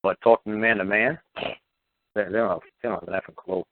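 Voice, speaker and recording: Calling in to a talk radio show, a man delivers a rambling, profane monologue, repeatedly acting out the people in his stories. His voice is on the low side with fairly even intonation at normal speed, heard through a telephone on a tinny, dry phone line with no room sound.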